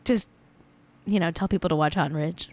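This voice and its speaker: A woman's voice: lowish voice, brisk, a little mellow. A young adult woman hosting a celebrity gossip show, chatting casually and joking with frequent giggles. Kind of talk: casual live-stream chat.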